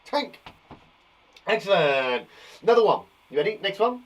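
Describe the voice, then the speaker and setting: A British-accented man teaches young children a phonics lesson, slowly sounding out words and encouraging them. His voice sits high with huge swings in pitch.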